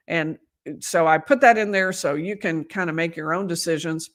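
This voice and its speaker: Woman lawyer, hoarse, streaming commentary. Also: on the low side, normal speed. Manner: conversational, restarts and emphatic asides. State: losing her voice. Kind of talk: livestream case commentary.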